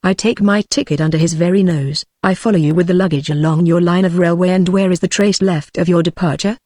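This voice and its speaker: A text-to-speech woman's voice with a British English accent, reading a classic novel aloud at a steady, measured pace without voicing the characters. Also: on the low side, dry recording, studio quality. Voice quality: synthetic, evenly paced. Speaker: audiobook narrator.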